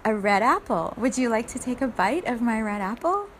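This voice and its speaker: Sly snake tempter sweet-talking, woman doing the voice, kinda loud. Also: on the high side, very animated, normal speed, slight background noise. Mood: coaxing.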